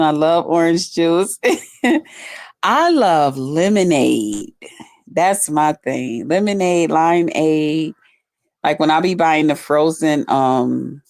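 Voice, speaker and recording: A woman's voice: low voice, a little mellow, no echo, clean studio sound. A middle-aged woman chatting casually on a live stream, folksy and talkative. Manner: chatty, folksy, reads out viewer comments. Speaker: livestream host.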